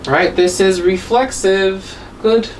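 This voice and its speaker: A woman teaching English grammar online, unhurried and patient, checking in with her students often. Her voice sits a little back from the microphone. A faint noise runs underneath. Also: mid-range voice, fairly even intonation, darkish tone. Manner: patient, explaining step by step, asks rhetorical questions. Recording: distant mic with faint background noise.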